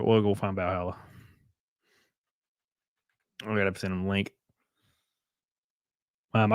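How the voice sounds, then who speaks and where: A man's voice: lowish voice, dry recording, studio quality. A man hosting a livestream, talking loosely to his chat with plenty of swearing while he sets up guests. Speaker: host.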